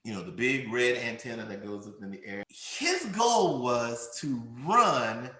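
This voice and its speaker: A man hosting a podcast, telling classroom stories in a lively, animated way and acting out the voices he quotes. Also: mid-range voice, measured pace, roomy sound. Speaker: podcast host and teacher. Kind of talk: casual storytelling chat.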